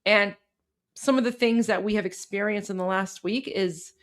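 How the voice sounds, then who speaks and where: A woman's voice: mid-range voice, steady tone, moderate pace. A young woman from Iran hosting a livestream, chatting casually with many fillers and restarts. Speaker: livestream host.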